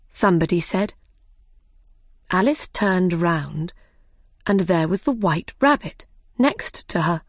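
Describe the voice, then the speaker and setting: A woman reading a storybook aloud at a slow, careful pace, each word clear. The sound is dry and close, with no room around it. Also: lowish voice, expressive, no room sound. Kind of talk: scripted narration of a simple storybook.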